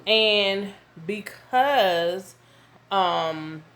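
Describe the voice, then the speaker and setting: A woman, telling a casual story to her viewers at home, animated and full of asides. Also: medium pitch, extremely slow, a little hiss or hum. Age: 30s. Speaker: vlogger. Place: home with her young son nearby.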